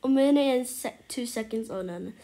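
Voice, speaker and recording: A woman giving excitable commentary on her gameplay, exclaiming and at times whispering to her viewers. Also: fairly high pitch, a little fast. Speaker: gameplay streamer.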